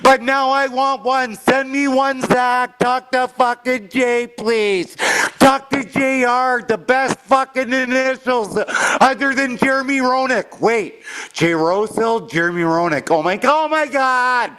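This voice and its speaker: A man's voice: very high-pitched, unhurried, sharp tone, clear, resonant tone. A man calling in to a sports postgame show, ranting fired-up and rambling, swearing constantly. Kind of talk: profane ranting sports talk.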